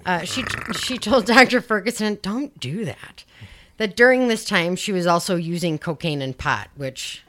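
A woman's voice: lowish voice, moderate pace, hardly any pauses, a bit bright, a little hiss or hum. A woman hosting a podcast, recounting a true-crime case in a chatty way with sarcastic, sweary asides. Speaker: podcast host. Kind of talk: casual true-crime storytelling.

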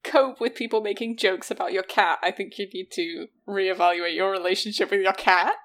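A woman's voice: medium pitch, steady tone, moderate pace, a bit bright. A woman co-hosting a casual chat, reacting with wry jokes and frequent laughter. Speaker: podcast co-host.

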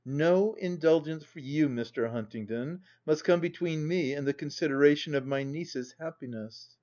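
A grave, dignified older aunt speaks with cold, measured reproof, voiced by a man reading aloud. The voice sits a little high and comes through a dull, lo-fi home recording. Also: darkish tone, close to an everyday voice.

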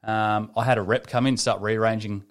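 A young man co-hosting a podcast, telling animated stories and swearing freely. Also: lowish voice, moderate pace. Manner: swears a lot, animated storytelling. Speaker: podcast co-host. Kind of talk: casual podcast chat.

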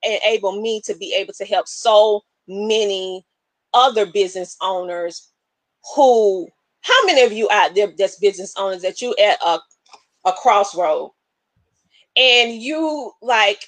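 A woman hosting a live online show, talking in an animated, emotional, preacherly way. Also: medium pitch, a little slow, no room sound. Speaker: show host.

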